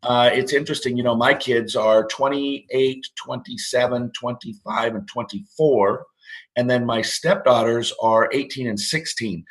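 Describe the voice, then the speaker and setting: A man's voice: medium pitch, measured pace, rough recording. A man in his fifties, a guest on a parenting show, talking casually and rambling with many fillers and restarts. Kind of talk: casual interview talk.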